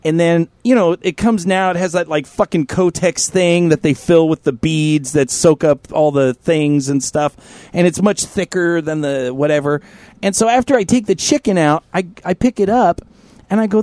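A man's voice: a little high, normal speed, no room sound. A man co-hosting a podcast, telling a story in casual chat, swearing freely and laughing as he goes. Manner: profane, animated, laughing as he tells stories. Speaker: podcast co-host. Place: indoor studio room.

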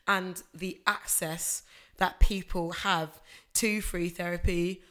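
A woman's voice: lowish voice, fairly even intonation, takes it slowly, a bit bright. A woman, a radio presenter speaking openly as a podcast guest. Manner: open and heartfelt, with many restarts. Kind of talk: candid emotional conversation.

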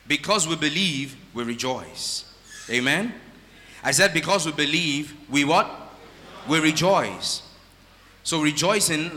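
Bright-voiced preacher in a hall. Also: male voice, on the high side. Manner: preaching with call-and-response, drawn-out emphasis. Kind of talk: sermon. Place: church hall. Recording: live sermon in a reverberant hall.

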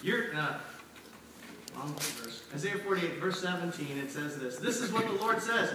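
With lively intonation and a moderate pace, a middle-aged man delivers a conversational sermon to his congregation, prompting the room to answer him. His voice is a little high. Background noise fills the echoey church hall, recorded from a distance.

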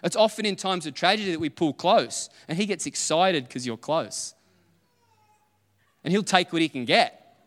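A man's voice: fairly high pitch, normal speed, fairly bright tone. A man, preaching a conversational sermon and acting out little dialogues as he tells stories. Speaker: pastor. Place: church auditorium. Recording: long hall reverb.

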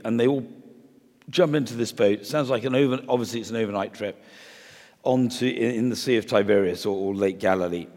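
Male preacher, mid-pitched, chatty and animated, hall reverb behind him. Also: brisk. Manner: chatty and animated, with playful asides and restarts. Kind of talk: conversational sermon.

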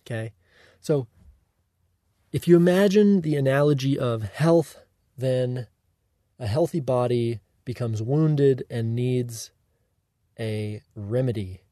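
A man explains things in a mellow, relaxed voice, at a middle pitch. His delivery is deliberate and coaching, and he keeps pausing to ask "okay?" and "right?". The sound is close and dry, with almost no room around it. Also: no room sound. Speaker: self-help teacher. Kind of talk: instructive monologue.

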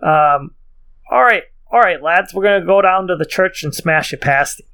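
A man putting on a jokey British lad voice that barely changes from his own, raised higher, with no real accent. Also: animated, extremely slow, fairly bright tone, clear, resonant tone, heavily acted. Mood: hyped.

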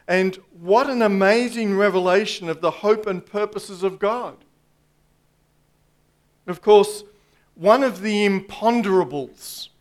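A man preaching a sermon to a congregation, slow and deliberate, with dry asides. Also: sits high. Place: church congregation.

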